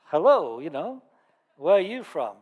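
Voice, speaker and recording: A wide-eyed little frog who has never left his well, full of eager, disbelieving questions. A man tells him in a somewhat high voice. His voice hangs in a long hall reverb. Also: big pitch swings, unhurried, narrow, tinny audio. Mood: curious, amazed. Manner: curious and incredulous. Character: naive male frog stuck in a well.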